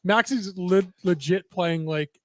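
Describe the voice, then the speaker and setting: A man's voice: high voice, measured pace, no room sound. A man co-hosting a casual sports podcast who keeps steering the talk back to the games. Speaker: podcast co-host. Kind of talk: casual bar-style sports chat.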